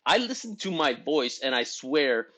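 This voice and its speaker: A man's voice: sing-song, measured pace, bright, forceful tone. A man hosting a group for estheticians, giving a casual motivational talk that rambles, with frequent restarts and self-deprecating laughs. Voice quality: voice he calls high-pitched.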